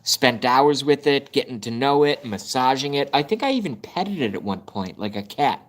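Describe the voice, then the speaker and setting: A man's voice: medium pitch, lively intonation, normal speed. A man hosting a casual live stream from his phone, ranting in frustration and swearing about his device. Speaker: livestream host. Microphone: phone camera at arm's length.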